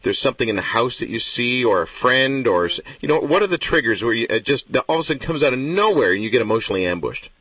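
A male host asking brisk, rambling conversational questions in an interview. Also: mid-range voice, big pitch swings, a bit bright, slightly rough, no room sound. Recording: voice from far off the mic.

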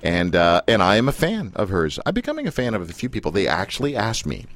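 A man's voice: on the low side, wildly swooping pitch, fast, a bit bright. A man from Canada hosting a casual radio talk show, teasing and joking with his guest and rambling between thoughts.

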